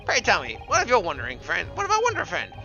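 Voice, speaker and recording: A flamboyant, eccentric detective, put on by a streamer reading a game aloud, speaking high and grandly with big theatrical swoops. The stream sound is slightly dull. Game music runs behind. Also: huge pitch swings, fast, pushed and bright, exaggerated voice. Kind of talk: game dialogue read-along.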